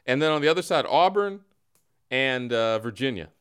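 A man co-hosting a casual sports talk show, animated and incredulous. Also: medium pitch, moderate pace, clean tone. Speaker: podcast co-host.

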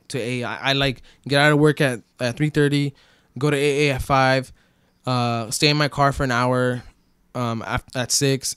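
A young man guesting on a podcast tells his story in a medium-pitched, slightly bright, clean voice, recorded dry at studio quality. He rambles casually, swears freely, and leans on fillers like "bro" and "like."

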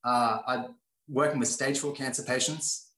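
A man's voice: medium pitch, steady tone, normal speed, a bit bright. A man sharing his life story in an earnest, motivational way, often repeating phrases for emphasis. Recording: roomy echo.

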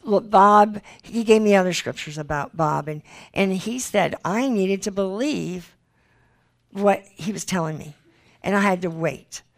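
A woman's voice: mid-range voice, measured pace. A woman preaching a sermon with personal testimony, earnest and pleading as she reads scripture aloud. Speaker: Christian speaker.

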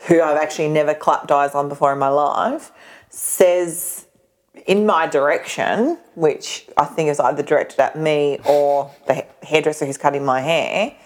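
A woman's voice: sits low, moderate pace. A woman with an Australian accent, co-hosting a podcast in casual chat and telling stories with lots of laughter. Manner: animated storytelling, laughs often. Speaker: podcast co-host.

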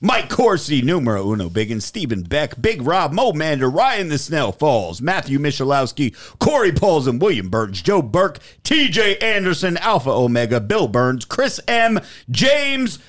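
A man co-hosting a podcast, joking and bantering in crude, animated casual chat. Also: moderate pace, hardly any pauses. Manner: animated, joking, swings pitch widely. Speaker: podcast co-host.

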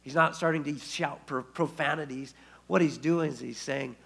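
Gravelly pastor preaching. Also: male voice, fairly high pitch, moderate pace, fairly bright tone. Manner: storytelling, acts out quoted speech in the retelling. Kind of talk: sermon. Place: church.

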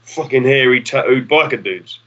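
A man's voice: mid-range voice, moderate pace, fairly bright tone, lo-fi sound. A man, a musician guest rambling through stories, swearing casually and acting out the people in them. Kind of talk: casual storytelling.

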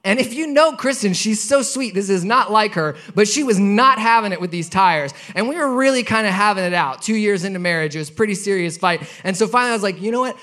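A man's voice: sits high, brisk, hardly any pauses, bright, forceful tone. A man in his thirties preaching a sermon, telling a personal story in a conversational way and building to emphatic points. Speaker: pastor.

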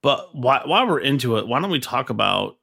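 A man's voice: medium pitch, sing-song, a little fast, gravelly, sharp tone, slightly rough. A man hosting a casual podcast chat, speaking frankly, swearing freely and steering the topic. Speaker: podcast host.

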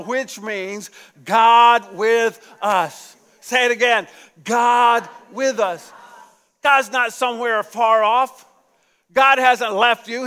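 Bright-voiced preaching pastor in a hall. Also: male voice, extremely high pitch, smooth. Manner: call-and-response preaching, rising emphatic repetition. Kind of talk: sermon. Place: church sanctuary. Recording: echoey church hall.

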